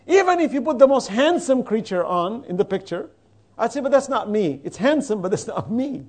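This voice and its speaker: A man giving a religious lecture, telling stories with quoted dialogue and quickly chanting Arabic verses. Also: very high-pitched. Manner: animated storytelling, quoting dialogue. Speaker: Islamic preacher.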